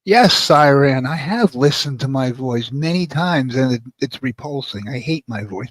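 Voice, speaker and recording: A man with a gravelly voice in casual chat, making wry, self-deprecating jokes. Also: mid-range voice, expressive, moderate pace, hardly any pauses, no echo.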